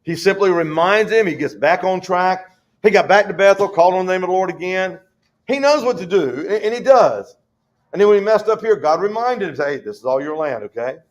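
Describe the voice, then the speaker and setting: A man teaching a Bible study, folksy and conversational, reading scripture slowly. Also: high voice, animated.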